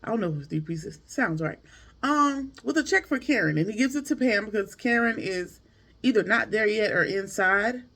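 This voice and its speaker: A high-pitched man with a gravelly edge talks through a TV episode like he's catching up with friends. His delivery is chatty and animated, full of slang and asides to his viewers. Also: normal speed. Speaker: TV show reviewer. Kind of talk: casual recap commentary.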